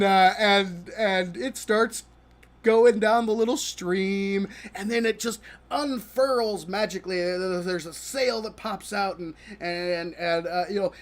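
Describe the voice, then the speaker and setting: A man hosting a live stream, talking through a show he disliked while he plays a game. He is exasperated and mocking, laughs often, and stumbles and restarts his sentences a lot. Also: sits high. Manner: halting with many restarts. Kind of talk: live-stream reaction commentary while gaming.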